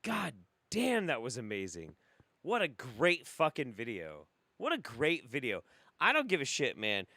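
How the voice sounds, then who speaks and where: A man's voice: medium pitch, wildly swooping pitch, measured pace, sharp tone, no echo. A man hosting a reaction commentary show, swearing freely and breaking into incredulous laughter. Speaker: host.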